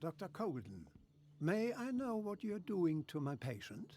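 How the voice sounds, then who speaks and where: A smug German-accented doctor. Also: male voice, sits high, huge pitch swings, measured pace, darkish tone, heavily acted. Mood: condescending. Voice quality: patronizing, silky and condescending. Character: smug scheming male doctor, institution founder. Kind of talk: video game dialogue.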